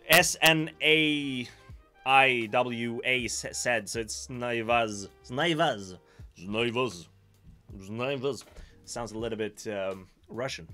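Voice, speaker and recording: Bright-voiced Swedish man, chatty livestream host. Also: mid-range voice. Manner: musing, self-mocking, reads chat aloud. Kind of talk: casual livestream chat.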